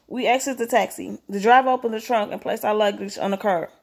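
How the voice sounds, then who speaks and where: A woman's voice: medium pitch, fast talker, creaky. A woman reading a story aloud, breaking off for blunt, slangy comments of her own. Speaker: story reader.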